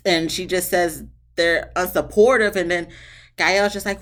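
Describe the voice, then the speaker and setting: A woman's voice: mid-range voice, normal speed. A woman giving a casual, sassy recap of a reality TV episode, talking back to the people on screen. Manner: animated, sassy, talks back to the cast.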